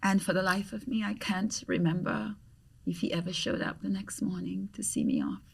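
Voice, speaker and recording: A middle-aged woman from Grenada with a Grenadian accent, a podcast guest telling a story in an animated way and acting out the voices she quotes. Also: on the low side, moderate pace, vocal fry, slightly rough, distant mic. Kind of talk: storytelling in conversation.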